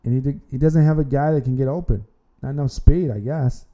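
A man's voice: mid-range voice, a little fast, dark tone, dull audio. A man hosting an amateur sports podcast, talking casually and rambling, often repeating words and restarting his sentences. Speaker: podcast host.

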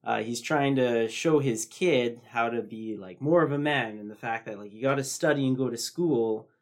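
A man's voice: mid-range voice, normal speed. A man co-hosting a podcast, retelling scenes in casual chat and acting out the characters' lines. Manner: storytelling with acted-out quotes. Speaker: podcast co-host.

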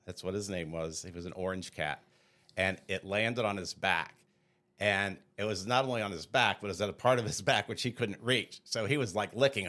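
Brief: a deep-voiced male co-host who rambles through his anecdotes in easygoing banter. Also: a little fast, sharp tone. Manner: rambling, restarts, laughs at own stories. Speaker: podcast co-host. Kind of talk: casual comedic chat.

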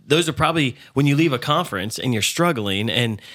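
A man's voice: medium pitch, expressive, brisk, sharp tone. A man co-hosting a faith podcast, earnest and conversational, laughing lightly as he talks. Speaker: podcast co-host.

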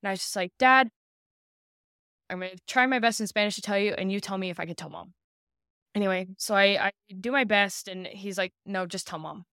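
A woman's voice: medium pitch, fast, fairly bright tone, clear, resonant tone, no echo, studio quality. A young woman in her twenties, a podcast guest, telling a personal story in earnest and acting out the people she quotes. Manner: earnest, acts out quoted dialogue.

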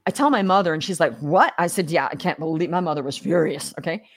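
A middle-aged woman from Australia, low-pitched and fast-talking, is the guest in a relaxed podcast interview. She tells her stories with energy and mimics the people she quotes. She restarts a lot, often breaking off mid-sentence to begin again.

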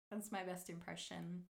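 A woman hosting her own podcast in a relaxed, chatty way, her voice husky from the morning. She swears casually and laughs often. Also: fairly low pitch, rough recording. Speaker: podcast host. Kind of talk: casual solo podcast chat.

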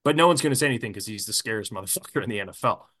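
A man rants on a sports podcast, swearing freely and heated. His voice jumps all over the place in pitch. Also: animated, rapid-fire, bright, forceful tone. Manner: profane, fired-up ranting. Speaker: podcast co-host.

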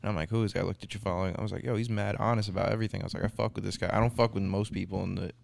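Fast-talking gravelly young man. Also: lowish voice, level tone, darkish tone. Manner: fast, slangy storytelling with lots of quoted dialogue. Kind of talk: casual chat.

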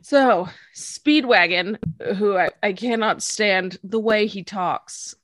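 A woman co-hosts a podcast, casually recapping an anime episode, giggling often and acting out quotes in silly voices. She speaks slowly in a mid-range, slightly bright voice with no echo.

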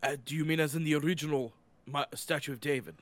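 A man's voice: on the high side, fairly even intonation, fast talker, no room sound, natural voice. A man voicing a loyal, formal male butler who answers in clipped, polite phrases. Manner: clipped and formal, says "quite".

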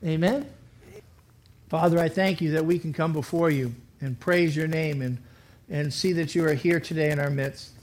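A pastor preaches a sermon in an animated, conversational way. The man slips into short acted-out voices of imagined speakers, and the recording has some faults. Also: fairly high pitch, moderate pace.

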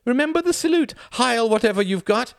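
Male reader voicing a loud, tipsy flirt: shrill high falsetto, teasing, brash, dry close sound. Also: lively intonation, fairly quick, creaky, dry recording, full character voice.

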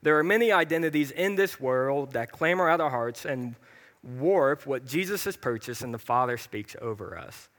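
This young pastor's sermon comes in a medium-pitched, animated, somewhat bright voice at a moderate pace. He's chatty and self-deprecating with abrupt emphatic bursts, and the church hall echoes with long reverb.

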